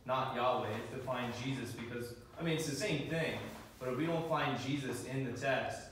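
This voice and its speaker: A man's voice: medium pitch, moderate pace, fairly bright tone. A man speaking up as a student in class, hesitant and restarting as he works out his point. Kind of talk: question from the class. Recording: echoey classroom from far off, noisy.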